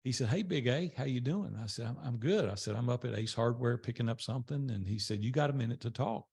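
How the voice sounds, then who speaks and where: An older man tells a personal story to a small group. His voice is gravelly and a bit husky, at a middling pitch. He talks in a loose, conversational way and acts out the voices of the people he quotes. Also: fast talker, darkish tone. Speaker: speaker telling his life story.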